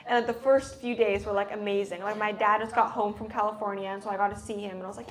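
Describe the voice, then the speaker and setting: A woman's voice: medium pitch, steady tone, fast, hardly any pauses. A teenage girl from the United States, an exchange student, telling her story in a casual chat, full of fillers and acting out her own reactions. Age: teens. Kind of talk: casual talk at a hosted chat.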